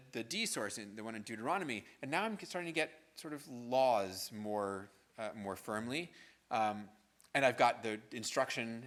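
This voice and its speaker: A man lecturing a class in an easygoing, chatty manner, his pitch rising and falling as he talks. He keeps tossing in "right?" and "um" while he works through his points. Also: a bit bright. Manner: conversational, frequent "right?" and fillers. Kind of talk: university lecture. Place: lecture hall.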